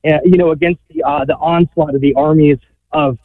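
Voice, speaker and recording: A man's voice: on the high side, steady tone, fairly quick. Breathless male caller on a tinny phone line. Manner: earnest, hesitant with fillers. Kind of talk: call-in radio talk.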